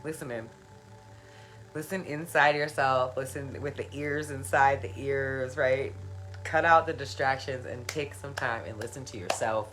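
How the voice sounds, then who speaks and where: A spiritual self-help live streamer speaks at a measured pace in an extremely low pitch with a fairly bright tone. Casually answering viewer comments, she's earnest and encouraging, laughs often and repeats phrases for emphasis, over soft background music in a rough recording.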